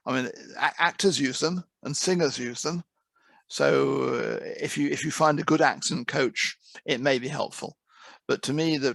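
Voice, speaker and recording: Gravelly yet fairly bright, this man's medium-pitched voice carries a conversational talk to trainee interpreters on the course he heads. He often repeats words when restarting, and there's no room sound.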